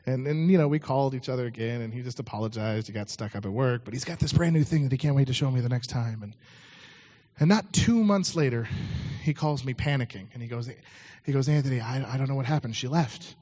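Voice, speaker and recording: A man's voice: mid-range voice, animated, a little fast, mellow. A man preaching a sermon, telling a story in a conversational way with frequent restarts.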